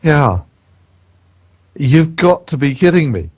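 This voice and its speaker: A man's voice: on the high side, very animated, slow pace, a little mellow, breathy edge. A man co-hosting a podcast, talking hesitantly and sounding incredulous. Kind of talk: casual chat. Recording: dull lo-fi audio.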